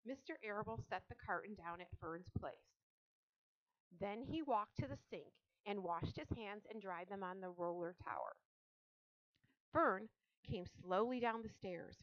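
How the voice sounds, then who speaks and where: A woman narrating a children's story in a soft, expressive audiobook reading. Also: medium pitch, highs cut off.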